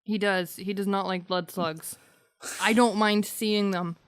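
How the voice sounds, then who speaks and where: A woman co-hosting a casual podcast, telling stories with giggles and animated swings. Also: mid-range voice, measured pace, smooth, no room sound, clean studio sound. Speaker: podcast co-host.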